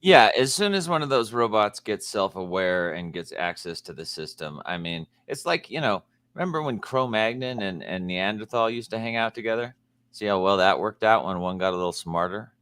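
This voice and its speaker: A man's voice: on the low side, expressive, normal speed, fairly bright tone, clear, resonant tone, no room sound. A man hosting a casual talk show, joking crudely and rambling with restarts. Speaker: show host. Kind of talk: casual podcast chat.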